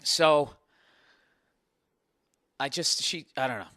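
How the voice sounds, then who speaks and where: Man, 40s, podcast storyteller: fast profane rants, slightly high voice, dry close mic. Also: no room sound. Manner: profane, animated rant with acted-out quotes. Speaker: podcast host. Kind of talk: casual comedic storytelling.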